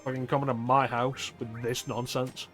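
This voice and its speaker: Over soft background music, a male streamer with a mid-range, slightly bright voice and flat delivery chats casually while gaming. He's crude and joking, swears, and reads things aloud haltingly.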